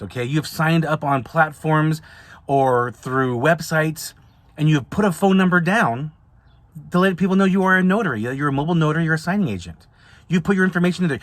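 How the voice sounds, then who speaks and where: A man's voice: a little high, no room sound. A man hosting an advice podcast, talking casually and informally, with frequent restarts and repetitions. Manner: conversational, repeats and restarts often. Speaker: podcast host, signing service owner.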